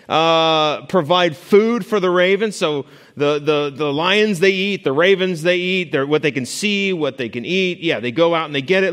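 A man's voice: fairly high pitch, fairly bright tone. A man leads a Bible study lesson in a casual, conversational way, stumbling through restarts and fillers and throwing questions out to his listeners. His voice rings with the long reverb of a hall, and he sometimes drifts off the mic as he walks around the room. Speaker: Bible teacher. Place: classroom or church hall with a board. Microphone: stationary mic he moves away from while walking.

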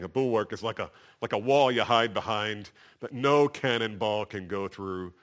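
A man's voice: on the low side, normal speed, few pauses, a bit bright. Fervent male preacher reading scripture. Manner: reads scripture aloud with rising fervor, then drops to a conversational aside. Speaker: pastor. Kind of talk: sermon.

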